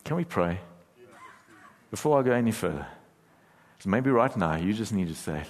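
A man with a fairly low voice preaches a sermon to his church, earnest and building in force. The sound carries a long reverb, the way a big church hall does. At times he drops to a hushed, prayerful tone. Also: sing-song, normal speed, long pauses. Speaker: pastor.

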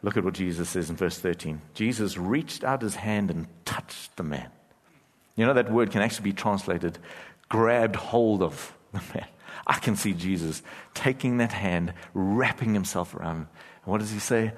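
A pastor with a fairly low voice preaches to his church at normal speed, earnest and growing in force, though at times he softens into a hushed, prayerful tone. A long reverb fills the sound, like a large church hall.

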